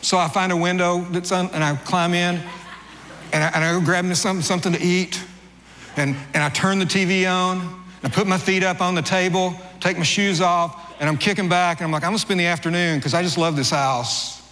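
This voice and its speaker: A man's voice: steady tone, brisk, sharp tone, a little hiss or hum. Man, middle-aged pastor, conversational sermon, storytelling, long church reverb. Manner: conversational storytelling preacher, rises in pitch for acted dialogue. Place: church sanctuary. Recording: long church-hall reverb, faint ambience.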